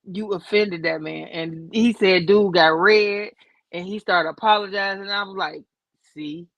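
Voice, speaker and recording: Slangy, animated woman on a dry call. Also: mid-range voice, a little slow, no echo, highs cut off. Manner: animated, slangy, acts out her quotes. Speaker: livestream panelist. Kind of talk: casual storytelling chat. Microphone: remote call mic.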